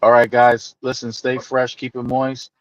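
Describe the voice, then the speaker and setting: A man's voice: mid-range voice, monotone, a little slow, a little hiss or hum. A man hosting a live stream chat, signing off with playful catchphrases. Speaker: host. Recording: dull lo-fi stream audio.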